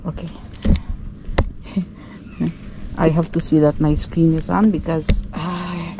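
A woman's voice: fairly low pitch, expressive, slow pace, long pauses, noisy background. A woman travel vlogger giving nervous running commentary to viewers outdoors on a ruin while climbing, recorded on an action camera, with many exclamations. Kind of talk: handheld travel vlog commentary.

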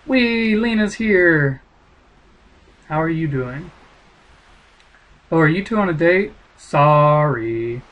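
A man reading the lines of a small playful dog creature in a video game, quick and chirpy. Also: on the high side, lively intonation, fairly bright tone, highs cut off.

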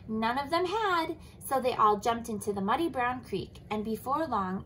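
A woman teacher reading a picture book aloud to children and explaining it in a lively way. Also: a little high, moderate pace, vocal fry, few pauses, a little hiss or hum, rough recording. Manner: animated, explaining to kids.

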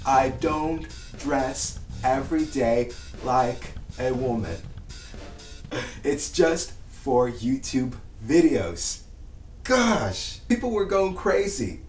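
A young man talking casually to his viewers in a relaxed, chatty way. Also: on the high side. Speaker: YouTuber. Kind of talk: casual vlog talk. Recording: echoey room, mic at a distance, faint music.

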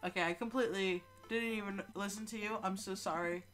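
A woman's voice: mid-range voice, a little fast. A sick, stuffed-up young woman streaming a game live, joking and swearing as she talks. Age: young adult. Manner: animated, joking, swears a lot. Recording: faint game music behind.

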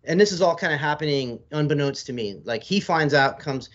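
A U.S. military veteran in his forties, guesting on a podcast, tells long, rambling stories in casual, profane language. His voice is on the high side, expressive, and a little fast, and he comes across as a laid-back storyteller. The audio is slightly dull and lo-fi.

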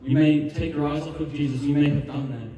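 Impassioned preacher in an echoing hall. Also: male voice, a little high, steady tone, a little fast, dark tone. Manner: impassioned preaching, rising to fervent prayer. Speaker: evangelist. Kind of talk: sermon and altar call. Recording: roomy hall reverb, distant mic. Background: music under the preaching.

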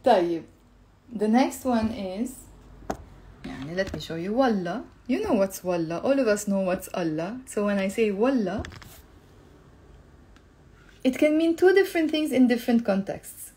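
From a room at home with some echo, a woman with a Lebanese accent gives a live-streamed Arabic lesson, blending English and Arabic and acting out various tones of voice. Her voice sits a little high and is slightly mellow, expressive, and moderately paced.

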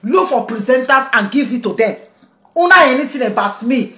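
A woman's voice: sits high, lively intonation, moderate pace, bright, forceful tone, roomy sound. Defiant woman ranting. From Nigeria. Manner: defiant, scolding, mixing pidgin English and a local language. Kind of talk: angry rant to followers.

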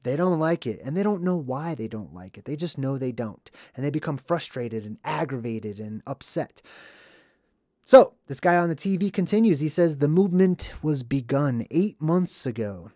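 An earnest man riffing on a movie in a casual commentary style, drawing out the words he wants to stress. His voice sits somewhat high for a man and sounds dry and close, with no room echo. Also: expressive, mellow. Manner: earnest, emphatic, drawn-out stresses on key words.

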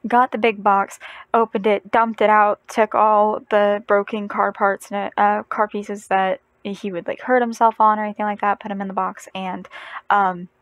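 A woman's voice: medium pitch, level tone, moderate pace, dry recording, poor audio. Chatty rambling woman, dry close sound. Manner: rambling, self-correcting, laughs often. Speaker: vlogger. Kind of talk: casual storytelling vlog.

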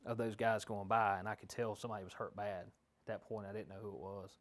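A man's voice: fairly low pitch, level tone, fast. A man, a law enforcement officer, giving a detailed, rambling account with fillers in a documentary interview.

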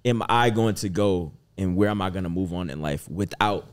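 A man's voice: sits low, normal speed, clean tone. A man in his twenties, co-hosting a podcast, talking earnestly and reflectively in casual chat. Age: 20s. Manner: earnest, reflective, often asks "you feel me?". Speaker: podcast co-host.

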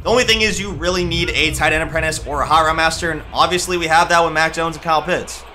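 Casting: young male gaming YouTuber, high, very bright voice, hypes up every big play, light background noise. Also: fast talker. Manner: excitable, trash-talking, shouts at big plays. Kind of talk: gameplay commentary.

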